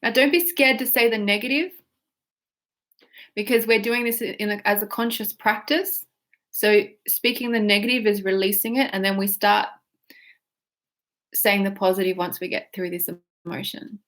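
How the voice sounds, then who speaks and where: A woman's voice: mid-range voice, fairly even intonation, fairly bright tone. A woman leading a guided tapping and breathing exercise, giving instructions and speaking emotional phrases for listeners to repeat. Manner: slow, guiding, with yawns and whiny repeated phrases. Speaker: tapping practitioner.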